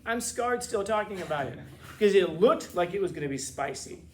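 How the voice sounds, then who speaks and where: A man with a slightly high voice lectures his class in a joking, animated way, full of quick asides and playful teasing. A faint hum of room noise sits behind him. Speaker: teacher.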